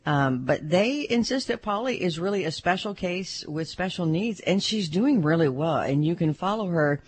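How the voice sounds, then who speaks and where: A woman's voice: on the low side, expressive, moderate pace, slightly rough. A woman hosting an animal news update on a radio show, chatty and hesitant with fillers.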